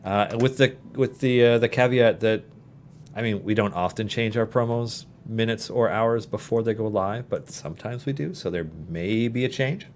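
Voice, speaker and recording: Low-voiced Canadian man hosting a stream. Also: moderate pace, slight background noise. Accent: Canadian English. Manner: rambling, many fillers and restarts. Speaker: livestream host answering chat questions. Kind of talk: casual livestream chat.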